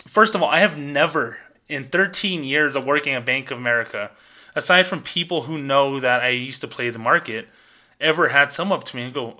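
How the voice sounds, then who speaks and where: Sarcastic ranting man with a bright edge. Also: mid-range voice, fairly quick. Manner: sarcastic, exasperated, mocking corporate phrasing. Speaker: podcast host, former bank employee. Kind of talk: ranting commentary.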